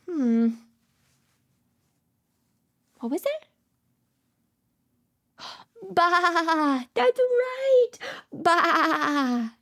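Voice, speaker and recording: Very high, sing-song woman reading to toddlers. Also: darkish tone. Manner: sing-song, gasping with delight, dropping into whispers; coaxing, asks the child questions. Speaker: speech therapist. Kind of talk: toddler picture-book read-aloud.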